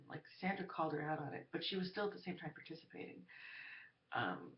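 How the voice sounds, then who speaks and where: A woman's voice: deep voice, big pitch swings, quick pace, a little hiss or hum. A woman telling a story in a casual monologue, rambling and hesitant, full of fillers. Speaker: vlogger. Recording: roomy, dull lo-fi recording.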